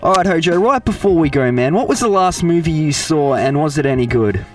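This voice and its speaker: A man's voice: fairly high pitch, expressive, brisk, distant mic, faint music behind. An Australian man hosting a podcast, interviewing a guest in an upbeat, casual way. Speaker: podcast host.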